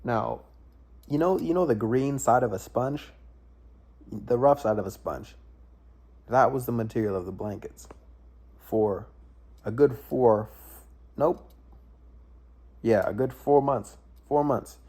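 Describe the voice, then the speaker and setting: A young man tells a story casually, rambling and often tossing in "right?" His voice is mellow and dark. It has a husky edge. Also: mid-range voice, lively intonation, slow, long pauses. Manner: rambling, with many "right?" tag questions and restarts.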